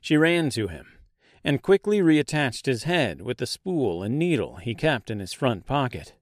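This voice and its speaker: A man narrating a dark fantasy audiobook in a slow, deliberate storytelling manner. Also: mid-range voice, big pitch swings, no echo, studio quality.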